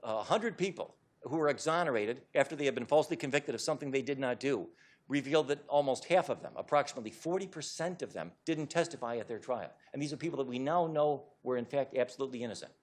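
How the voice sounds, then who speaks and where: A man delivers a public talk to an audience, speaking fast and with plenty of emphasis. His voice sits at an ordinary middle pitch. He lectures with animated conviction. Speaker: author giving a talk.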